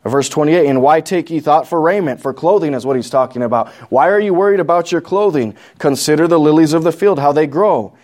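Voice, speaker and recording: Plain-spoken New Mexican preacher. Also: male voice, on the high side, brisk, hardly any pauses, darkish tone. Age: adult. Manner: explains plainly, reads scripture aloud, asks the congregation questions. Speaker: pastor. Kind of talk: teaching Bible study sermon.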